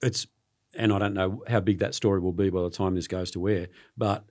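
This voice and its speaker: A middle-aged Australian man, a sports journalist being interviewed, telling stories in an earnest, halting way and often repeating words. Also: low voice, fairly even intonation, darkish tone. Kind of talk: casual interview storytelling.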